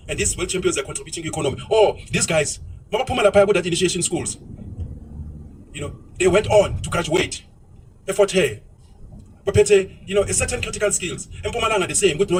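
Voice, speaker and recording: A man's voice: high voice, distant mic, background noise. A South African man giving an opinionated monologue while driving, ranting and mixing in isiZulu phrases. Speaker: vlogger. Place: inside a moving car.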